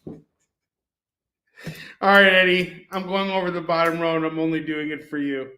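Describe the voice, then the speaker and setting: A man's voice: on the high side, flat delivery, normal speed, pushed and bright. A man hosting a live comic-book sale, pricing issues in jokey, rambling sales patter. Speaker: host selling comics. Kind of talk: live shopping stream. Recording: echoey room.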